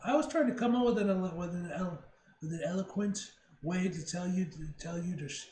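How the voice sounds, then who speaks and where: A man's voice: sits high, a little fast, dark tone. A man giving casual comic commentary as a reaction video host, rambling with joking asides and frequent self-corrections. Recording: roomy room, faint noise.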